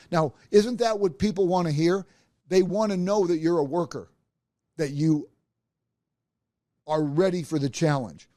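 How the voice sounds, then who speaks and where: A man's voice: on the high side, a little slow, long pauses, dry recording, clean studio sound. A middle-aged man, a podcast host, telling a personal career story and acting out the voices of the people in it. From Nebraska. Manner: animated, acts out quoted voices.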